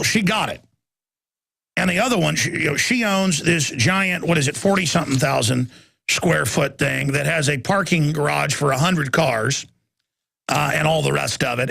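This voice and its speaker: A man, hosting a talk radio show and ranting angrily about government spending, at times breaking into furious shouts. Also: high voice, vocal fry. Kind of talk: angry talk radio rant.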